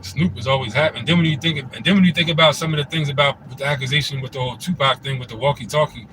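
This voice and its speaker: A man's voice: medium pitch, fairly even intonation, racing, noisy background. A man in a casual commentary monologue, laid-back and rambling, with the loose phrasing of a host talking to his channel. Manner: laid-back, rambling, frequent "you know what I'm saying".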